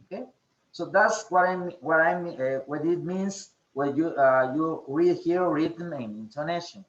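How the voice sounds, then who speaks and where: A man teaching an online English class, speaking slowly with many fillers and a repeated "okay?". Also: a little high, echoey room, dull audio. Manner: slow, repeats "okay?" often, hesitant fillers.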